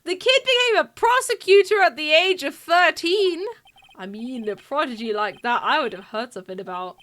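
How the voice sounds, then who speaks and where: Her voice sits high and moves at a moderate pace as this British woman plays through a game on stream. Excitable and quick to laugh, she reads the dialogue out and does voices for the characters.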